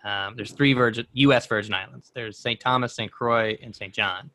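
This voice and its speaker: A man's voice: mid-range voice, fairly even intonation, normal speed, sharp tone, a little hiss or hum. A man in his twenties chatting casually as a podcast co-host, rambling through a personal story with many restarts. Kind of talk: casual chat.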